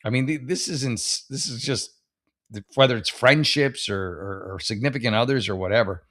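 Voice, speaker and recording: A man's voice: medium pitch, normal speed, fairly bright tone, dry recording, clean studio sound. A man casually reading and reacting to advice posts, rambling and sarcastic, swearing freely and restarting his sentences. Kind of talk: casual comedic commentary.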